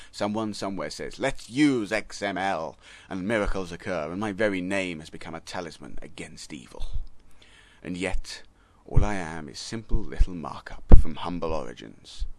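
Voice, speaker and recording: Guy doing a full-of-itself markup thing, whiny and grand, low voice. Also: a little mellow, no echo. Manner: grandiose, mock-tragic. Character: pompous self-pitying markup language.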